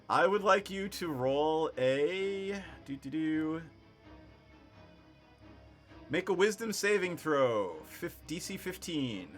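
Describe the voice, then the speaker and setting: A man guiding players through a tabletop role-playing game, his voice sitting a touch high and swinging widely in pitch. He takes his time with each line and laughs freely as he narrates. Soft music plays faintly behind him. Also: animated, slow pace. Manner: easygoing, laughs often while narrating. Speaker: game master. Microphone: online voice chat microphone.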